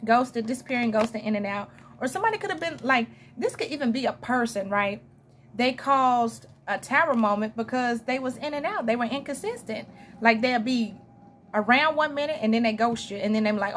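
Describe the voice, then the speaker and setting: A woman's voice: on the high side, brisk, fairly bright tone, a little hiss or hum. A young adult woman with a Southern US accent, chatting her way through a tarot reading in a rambling, casual monologue full of asides and laughs. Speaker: tarot reader.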